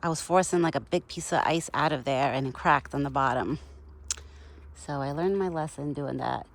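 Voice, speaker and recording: Outdoors in a yard, a woman vlogs casually while feeding a deer, chatty and bubbly, laughing often and a little out of breath. Her voice sits low, and she talks at normal speed.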